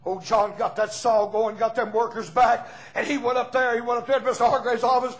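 An older man with a Southern US accent preaching a fiery revival sermon in a church, rising into shouted peaks and asking the congregation to answer back. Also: extremely high pitch, little pitch movement, fairly quick. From Southern United States.

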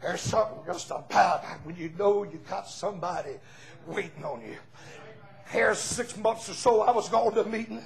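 An older man with a Southern US accent preaching a fiery revival sermon in a church, rising into shouted peaks and asking the congregation to answer back. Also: high-pitched, normal speed, vocal fry. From Southern United States.

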